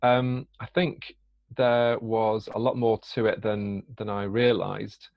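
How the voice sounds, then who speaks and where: A man's voice: fairly low pitch, level tone, slow, gravelly, no echo. A man from Britain, a coach and podcast guest, talking in a hesitant way with many fillers and restarts, on a dull lo-fi recording. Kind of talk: conversational podcast interview. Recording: dull lo-fi dry sound.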